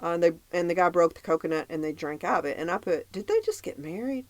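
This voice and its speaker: A woman's voice: fairly low pitch, lively intonation, fast, no echo. A woman co-hosting a podcast, recapping a dating show in casual chat, reading out her notes and laughing often. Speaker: podcast co-host.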